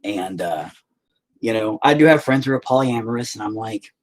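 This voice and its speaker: A man's voice: on the low side, lively intonation, moderate pace, low-quality recording. A man talking casually to the camera in a joking, profane, sidetracked monologue while he paints. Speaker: video creator.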